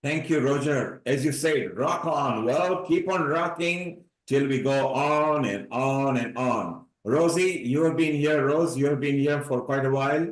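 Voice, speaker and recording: A man's voice: mid-range voice, a little slow, hardly any pauses, reverberant, low-quality recording. A man hosting a live online celebration, introducing each participant with upbeat, playful remarks over a video call. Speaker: host of a live online event.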